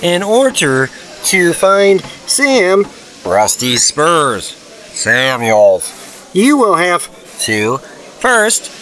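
A man voicing a computer giving slow, deliberate directions. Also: fairly high pitch, a bit bright, exaggerated voice.

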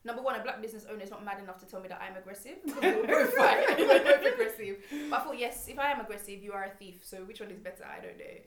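Fast animated young woman, echoey room. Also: medium pitch, a crowd in the background. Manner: animated storyteller, quoting others. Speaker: podcast co-host. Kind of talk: casual chat, storytelling.

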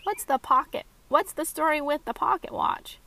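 Kobieta grająca ciekawskiego chłopca. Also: female voice, high voice, animated, moderate pace, sharp tone, pitched above the performer's own voice, full character voice. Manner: eager, questioning. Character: eager curious young boy.

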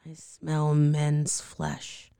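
A hoarse woman voicing a grumpy, suspicious male devil, with a slow, heavy, gruff delivery. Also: deep voice, monotone, mellow, no room sound, studio quality, full character voice.

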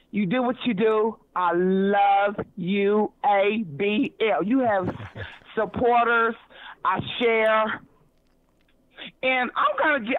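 A woman's voice: fairly high pitch, no room sound. A woman from Kansas City, Missouri, calling in to a radio show, rambling and stumbling over repeated words. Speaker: caller. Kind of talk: radio call-in chat. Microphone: phone. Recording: tinny phone line, dry.

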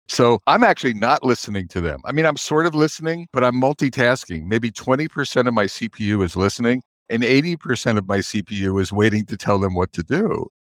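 A man's voice: on the low side, no room sound. A man who coaches leaders, giving a conversational interview answer and explaining with examples and acted-out quotes. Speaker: guest author and leadership coach.

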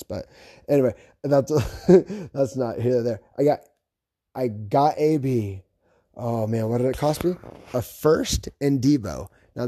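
Chatty rambling man, dark voice. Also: medium pitch, no room sound, clean studio sound. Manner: rambling, chatty, self-correcting. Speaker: podcast host. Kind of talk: casual chat about fantasy football.

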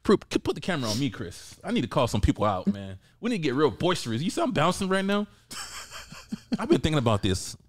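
A man co-hosting a sports podcast, talking in an excitable, profane rant. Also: on the high side, fairly quick, dry recording, clean studio sound. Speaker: podcast co-host. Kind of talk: casual sports chat.

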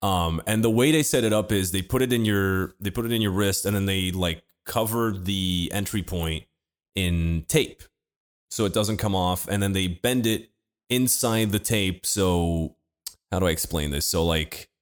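A man's voice: low voice, unhurried. A young man chatting casually, telling a hospital story with plenty of swearing and filler words. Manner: animated, swears often, lots of fillers.

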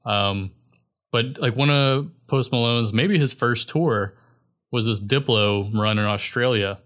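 A young man in a relaxed podcast chat, talking in loose, rambling runs full of filler words. His voice sits at an ordinary middle pitch, easygoing and unhurried. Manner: rambling, filler-heavy, laid-back. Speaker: guest musician.

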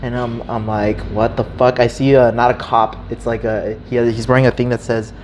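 A young man casually telling a story, animated and swearing freely, acting out the people in it. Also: mid-range voice, fairly quick, a little hiss or hum. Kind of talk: casual chat.

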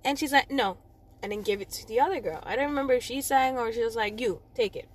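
A young Jamaican woman with a Jamaican accent, talking casually about her own past. Her voice sits a little high, and she rambles, doubles back to correct herself and laughs at her own slips. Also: quick pace. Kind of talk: casual personal storytelling.

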